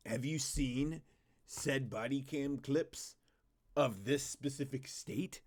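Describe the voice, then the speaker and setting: A man's voice: medium pitch, slow, a little mellow. A man putting on a mocking impression of an overly passionate young man, overdramatic and pleading.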